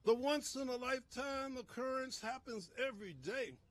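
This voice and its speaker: A male minister giving an emotional, impassioned speech outdoors at a press conference, rising to shouts and sinking low. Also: moderate pace.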